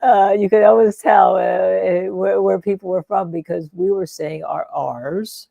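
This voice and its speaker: A woman co-hosting a live trial show, speaking as a lawyer in a rambling chat full of fillers and restarts. Her voice is mid-pitched with a gravelly fry. The sound is close and dry. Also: steady tone, measured pace, mellow, dry recording, highs cut off. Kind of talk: casual chat.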